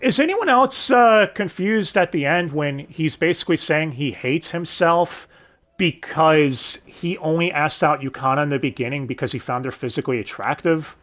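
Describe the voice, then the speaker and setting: A man's voice: a little high, normal speed, fairly bright tone. A man reviewing a dub in casual commentary, sarcastic and swearing, with sighs and questions to his listeners. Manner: sarcastic, swears often, sighs and asks the audience.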